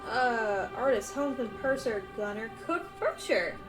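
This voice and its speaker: Slow-talking excitable woman streamer. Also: on the high side. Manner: excitable, thinking aloud, gasping and laughing. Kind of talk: live game stream chatter. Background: game music.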